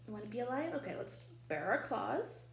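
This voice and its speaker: A woman librarian reading a children's storytime in a library, playful and animated, asking the children questions. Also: a little high, fairly quick, gravelly, a little hiss or hum. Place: library room. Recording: echoey room, faint ambience.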